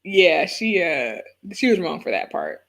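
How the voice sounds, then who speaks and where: A woman hosting a casual live review chat, excitable and quick to laugh. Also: fairly low pitch, creaky. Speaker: host of a reality TV review show.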